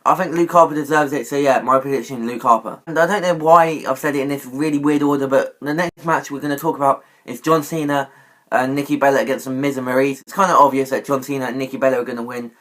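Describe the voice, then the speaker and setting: A man's voice: mid-range voice, steady tone, quick pace, a bit bright. Rambling man vlogging wrestling predictions. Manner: rambling, self-correcting with many fillers. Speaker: YouTube wrestling commentator. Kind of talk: casual predictions vlog.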